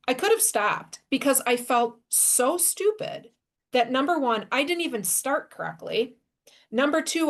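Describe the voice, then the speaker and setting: A woman podcast host telling a self-deprecating story about her first trail race in a lively, conversational way. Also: a little high. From Wisconsin, USA. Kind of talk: casual storytelling.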